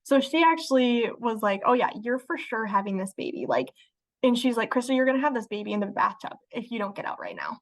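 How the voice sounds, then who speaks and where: A woman's voice: on the high side, big pitch swings, quick pace. A young woman telling a personal story as a guest in casual conversation, with many fillers. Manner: chatty, many fillers, laughs while telling. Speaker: interview guest.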